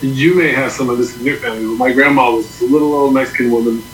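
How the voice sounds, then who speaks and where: A man who is a guest on a podcast, telling stories in casual chat with a relaxed, dryly humorous manner. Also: mid-range voice, fast talker, slight background noise, poor audio. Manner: relaxed storyteller, dry humor. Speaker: guest, comic book creator.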